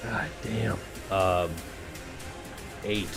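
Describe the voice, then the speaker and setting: A man's voice: fairly low pitch, fairly even intonation, extremely slow, over music. A man playing a tabletop game, hesitant and full of fillers, often laughing. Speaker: player.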